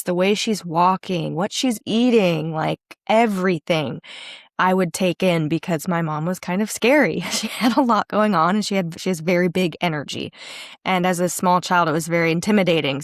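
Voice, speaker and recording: Woman podcast co-host, lowish voice, animated storyteller, dry close sound. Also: no echo. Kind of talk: casual conversation.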